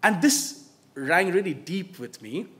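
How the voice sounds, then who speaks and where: A man gives a public talk, weaving stories into his points. His voice runs fairly high and swings widely. He drops to soft asides now and then. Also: lively intonation, slow pace. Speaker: author and speaker.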